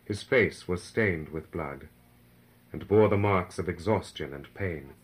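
A man's voice: low voice, unhurried, rough recording. A man giving a solemn, dramatic reading of a devotional narrative, rising in force for the crowd's cries. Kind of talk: scripted narration of a devotional book.

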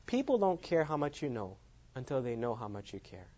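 A man's voice: mid-range voice, sing-song, a little fast, warm tone. A man giving a sermon as he tells a personal story, laughing often at his own lines. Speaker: preacher. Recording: dull lo-fi sound.

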